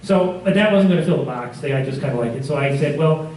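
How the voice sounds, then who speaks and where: A man with a fairly high, darkish-toned voice talks fast and in an animated way, with a little hiss or hum present. He's a community class teacher who tells rambling stories, chuckles, and corrects himself mid-sentence, picked up from far off in a roomy classroom.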